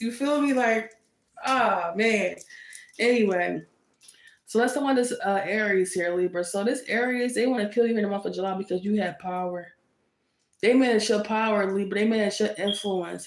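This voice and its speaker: A woman's voice: mid-range voice, moderate pace. A woman giving a casual tarot reading, sassy and teasing, laughing often and repeating lines for emphasis. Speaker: tarot reader. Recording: roomy echo.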